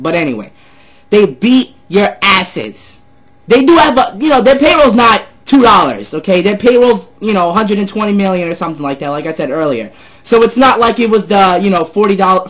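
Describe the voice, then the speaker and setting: High, animated ranting man. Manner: loud, profane, repetitive ranting. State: slightly sore voice from yelling. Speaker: sports ranter. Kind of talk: angry sports rant vlog.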